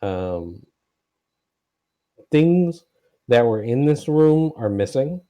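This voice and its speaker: A man running a tabletop game as game master, describing scenes in a relaxed, hesitant way. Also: mid-range voice, extremely slow, muffled recording. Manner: relaxed, hesitant, many fillers.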